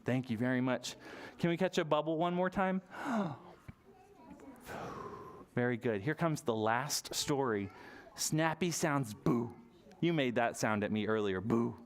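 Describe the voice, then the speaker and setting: A library storytime leader reading a picture book aloud to toddlers, playful and animated, with gasps and silly sounds. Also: medium pitch, measured pace, pauses often. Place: public library storytime session.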